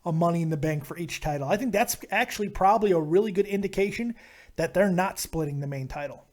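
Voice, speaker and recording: High-voiced man hosting a call-in show. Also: fast talker. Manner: casual, swears, animated. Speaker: host. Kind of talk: live show call-in chat.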